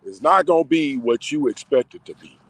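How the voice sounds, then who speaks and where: A man's voice: mid-range voice, lively intonation, brisk, dry recording. A man in casual, emotional storytelling, talking in slang with many fillers. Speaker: vlogger. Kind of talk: casual personal storytelling to camera.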